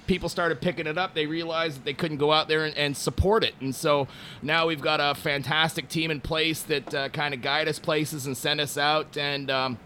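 A man from Montreal chats easily in an interview, his voice bright and forceful and sitting a little high for a man. He rambles through stories with plenty of ums and uhs. A faint hum of ambience sits behind him. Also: moderate pace. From Montreal, Canada. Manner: relaxed storytelling with many fillers. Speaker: distillery brand representative. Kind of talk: casual interview talk.

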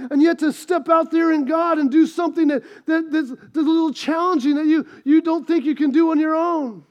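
Brief: high-voiced male preacher, impassioned storytelling sermon. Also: a little mellow. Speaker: pastor.

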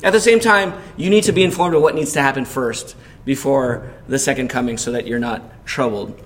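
A man's voice: medium pitch, brisk. A man preaching a sermon as pastor, telling a personal story in a conversational way and asking the congregation questions. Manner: storytelling with loud acted panic in quotes.

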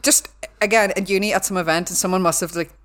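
A woman's voice: on the low side, fairly even intonation, fast talker, a bit bright. A woman with a Belfast accent, a guest lecturer telling candid stories in a casual podcast chat, swearing and laughing often.

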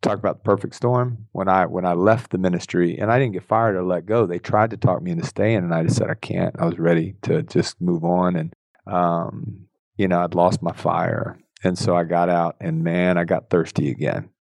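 Middle-aged male guest with a very deep, fry-heavy voice; candid, all-out, self-mocking. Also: steady tone, normal speed, darkish tone, no echo. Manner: intense, laughs often, self-deprecating. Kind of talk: candid personal storytelling.

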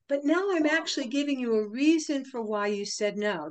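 A middle-aged woman, a podcast guest, talking in a fairly high voice. She explains her method step by step, pausing on purpose and leaning on her inflection. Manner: animated, explains step by step, deliberate pauses. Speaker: podcast guest, sales trainer. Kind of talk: casual interview talk.

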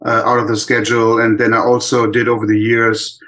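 Older man with a German accent, casual interview guest, mid pitch, stops and restarts a lot. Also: monotone, fairly quick, a bit bright, rough recording. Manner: thoughtful, many restarts and fillers. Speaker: animator guest.

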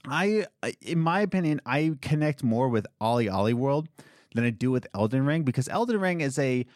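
A man's voice: normal speed, no echo. Young guy gushing about games on a podcast, voice jumping all over the place, dry close mic. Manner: excited, rambling, jumps between high and low pitch. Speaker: podcast co-host. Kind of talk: casual podcast chat about video games.

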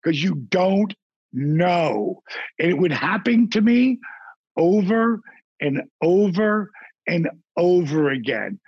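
A man with a rough, gravelly and husky voice, sitting a bit high for a man. He tells stories with animation and does voices along the way. The sound is dry and somewhat muffled. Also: big pitch swings, slow pace, no room sound. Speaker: podcast guest. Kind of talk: casual storytelling.

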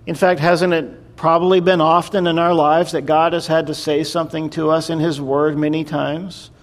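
A man's voice: a little high, little pitch movement, normal speed. A man preaching a sermon, retelling and explaining scripture in a conversational storytelling way. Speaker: pastor.

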